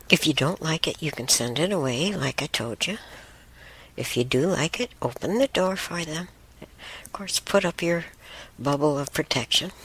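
A woman telling a personal story and teaching about spirits slowly, with halting pauses and a voice that slips into a breathy whisper. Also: low-pitched, fairly bright tone. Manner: drifts into a breathy whisper often; halting, with many restarts and pauses.

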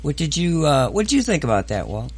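A man's voice: fairly high pitch, very animated, brisk. A man hosting a casual video-call chat, chatty, laughing easily and stammering a little. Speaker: host.

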